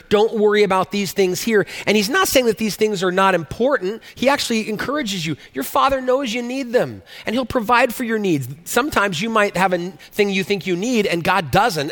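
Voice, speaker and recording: With a high, fairly bright voice, a man delivers a conversational sermon as pastor, frequently starting sentences over and questioning his congregation. The recording carries a long hall reverb.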